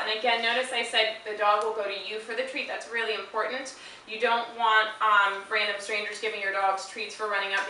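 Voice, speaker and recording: A woman dog trainer calmly explaining a handling exercise and stopping often to praise the dog in a high, chirpy voice. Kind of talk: instructional demonstration. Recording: very echoey room, mic far off, faint hiss.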